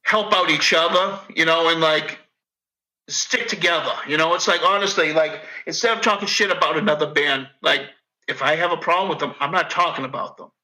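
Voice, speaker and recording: A man with a Boston accent, a podcast guest talking casually in a profane, rambling, animated way. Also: a little high, a little fast, low-quality recording. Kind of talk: casual chat.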